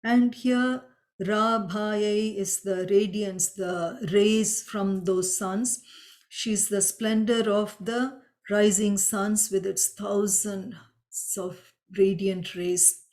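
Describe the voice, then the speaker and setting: A woman leads a spoken chant lesson at a very unhurried pace. Her voice sits at an ordinary middle pitch. She breaks each sound down with patient care and draws the chanted lines out long. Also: steady tone, a little mellow. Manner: patient, explains pronunciation step by step; chants mantras slowly and drawn out. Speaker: Sanskrit chant teacher.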